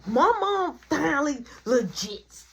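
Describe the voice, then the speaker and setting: Animated woman telling a story. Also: high-pitched, takes it slowly, vocal fry. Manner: slangy, acts out every voice in the story. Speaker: storytime vlogger. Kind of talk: casual storytelling.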